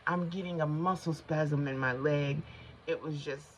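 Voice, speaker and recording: Doing her makeup on camera, a middle-aged vlogger tells a wandering, easily derailed story to her viewers in a deep, steady voice at a moderate pace. Her talk is chatty and colloquial, full of "y'all." The sound is slightly dull and lo-fi, with a little background noise.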